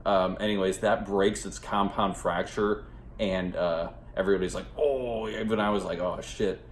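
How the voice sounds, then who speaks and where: Casting: man with a very low voice, loose, rambling and profane movie review, recorded in an echoey room. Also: flat delivery, normal speed, slight background noise. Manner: rambling and profane, heavy on fillers. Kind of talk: casual spoken movie review.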